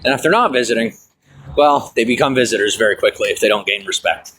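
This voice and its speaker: A man's voice: medium pitch, quick pace, background noise. A man chatting casually and bluntly while walking down a city street filming a vlog, swearing freely. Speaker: vlogger.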